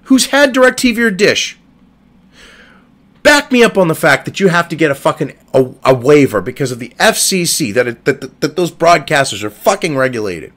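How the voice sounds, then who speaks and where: A man's voice: fairly high pitch, very animated, moderate pace, fairly bright tone. A man giving heated, profane commentary from his computer desk, exasperated and cursing freely. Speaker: online political commentator. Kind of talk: ranting commentary.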